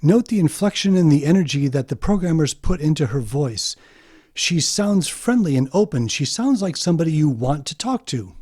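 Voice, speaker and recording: Man explaining in an emphatic, deliberate voice. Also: on the high side, expressive, dark tone, husky. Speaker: video host. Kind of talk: explanatory monologue.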